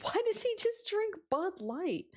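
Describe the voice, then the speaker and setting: A woman's voice: very high-pitched, sing-song, unhurried. A woman streamer chatting casually as she reacts, giggling often and swearing freely.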